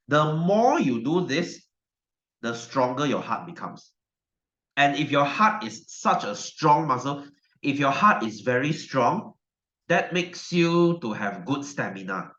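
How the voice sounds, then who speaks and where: A man's voice: medium pitch, a bit bright. A male science teacher, giving a chatty online class lecture and repeating his questions to the class. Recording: dull, roomy echo.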